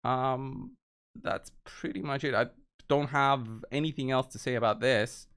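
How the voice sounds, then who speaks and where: Man, gameplay commentary, casual, step-by-step, smooth voice, mid pitch. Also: unhurried, a bit bright. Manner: casual, explains moves step by step to viewers. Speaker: game video creator.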